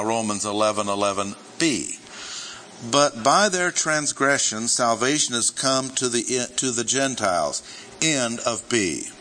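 A man giving verse-by-verse Bible teaching to a gathered group, deliberate and emphatic, stressing and repeating his key points. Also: medium pitch, bright, forceful tone, a little hiss or hum, rough recording.

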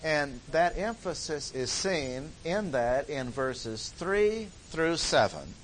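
A man's voice: on the high side, sing-song, slow pace, hardly any pauses, a little hiss or hum, poor audio. Emphatic male Bible teacher. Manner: emphatic, repeating key phrases for stress. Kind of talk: Bible study lecture.

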